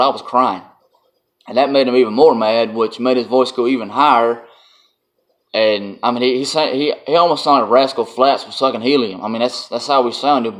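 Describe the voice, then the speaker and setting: A man, telling a casual vlog story in a blunt, folksy way and laughing often. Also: medium pitch. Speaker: vlogger.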